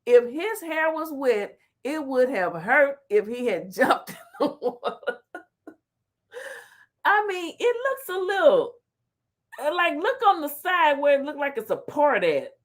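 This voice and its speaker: A woman's voice: high voice, a little slow. A woman hosting a casual livestream, reading the chat aloud and laughing often. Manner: animated, laughs often, talks back to chat. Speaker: talk show host reading live chat.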